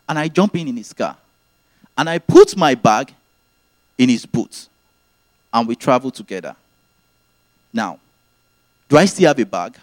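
A man's voice: mid-range voice, big pitch swings, measured pace, long pauses, dry recording. A man preaching a sermon, teaching earnestly and repeating his key phrases.

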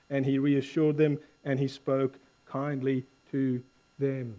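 A male pastor giving a conversational sermon, swinging between hushed and loud lines and stumbling over repeated words when he corrects himself. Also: medium pitch, flat delivery, slow, lo-fi sound.

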